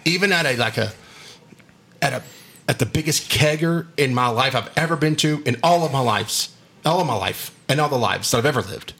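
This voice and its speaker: A man, a former teacher, telling high school stories in a casual chat, animated and laughing often. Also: fairly quick, slightly rough.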